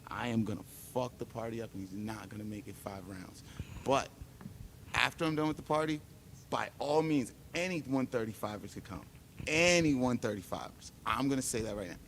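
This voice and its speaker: A man's voice: mid-range voice, a little fast, fairly bright tone, slight background noise. A man who is a fighter at a press conference, talking trash in a brash, profane, boastful and taunting way. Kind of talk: trash talk.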